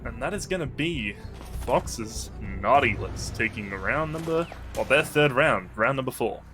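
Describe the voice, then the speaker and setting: A man's voice: mid-range voice, expressive, moderate pace, soft background music. A man casting a tactical shooter match, giving play-by-play with joking banter. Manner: chatty, joking banter between calls. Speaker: esports caster. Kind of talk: play-by-play game commentary. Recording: loud game gunfire behind the voice. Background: game gunfire and clicks.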